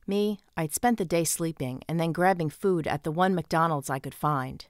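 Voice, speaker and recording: A woman with a low voice reads an audiobook in first person, with even, steady storytelling. The sound is dry and close. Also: moderate pace, few pauses, smooth, no echo. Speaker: audiobook narrator. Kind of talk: scripted first-person narration.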